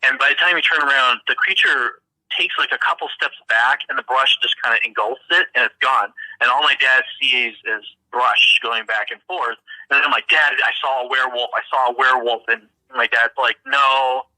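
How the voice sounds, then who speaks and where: Earnest man with a bright, sharp voice. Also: mid-range voice, no echo, low-quality recording. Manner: earnest, halting, repeats words as he goes. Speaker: witness recounting an encounter. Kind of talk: casual first-person storytelling.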